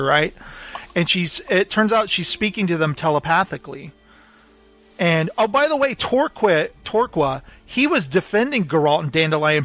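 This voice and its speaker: A man's voice: on the high side, a bit bright, no echo. A man co-hosting a podcast, casually recapping a book and acting out its quotes. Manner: retells scenes, acting out quotes. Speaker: podcast co-host. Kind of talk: casual book club chat.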